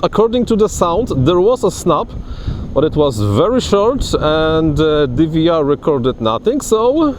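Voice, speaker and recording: A man's voice: a little high, very animated, a little slow, a little mellow, a little hiss or hum. A man giving casual, chatty commentary while flying a drone outdoors, often restarting and repeating his words. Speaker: FPV drone reviewer. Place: outdoors on grass.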